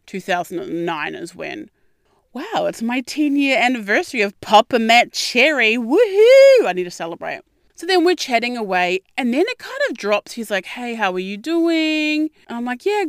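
A young adult woman, hosting a podcast and telling a personal story in a candid, expressive way, swearing freely and acting out quotes. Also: on the high side, moderate pace, dry recording, studio quality. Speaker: podcast host. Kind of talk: casual storytelling monologue.

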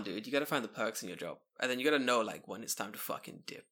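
Bright-voiced young man telling animated stories. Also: lowish voice, fast. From United Kingdom. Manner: animated storytelling, swears often, acts out both sides of conversations. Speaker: podcast co-host. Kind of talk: casual chat.

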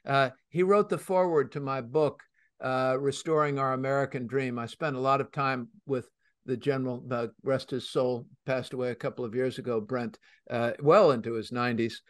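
A man hosting a radio talk show, telling stories emphatically with many pauses and fillers. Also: medium pitch, steady tone, dry recording, studio quality. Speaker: host.

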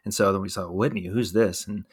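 A man co-hosting a podcast, chatting casually in a relaxed, rambling way with many fillers. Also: deep voice, a little fast, slightly rough. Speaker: podcast co-host. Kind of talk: casual chat.

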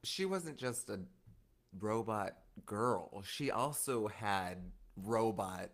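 A man co-hosting a podcast in casual chat, animated and quick with laughs and asides. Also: on the low side. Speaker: podcast co-host.

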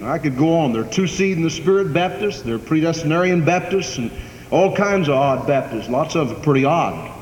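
A man's voice: a little high, lively intonation, a little fast, darkish tone. A man preaching a sermon as pastor, emphatic, swelling and dropping his volume for effect. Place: church sanctuary. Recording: echoey church hall, faint background noise.

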